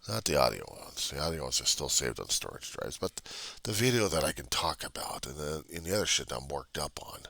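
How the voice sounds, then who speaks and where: The man's voice is extremely low and gravelly, swinging widely in pitch as he talks a little fast with few pauses, bright and forceful. Speaking into a computer webcam, he delivers a raw, repetitive video diary monologue full of swearing and agitation.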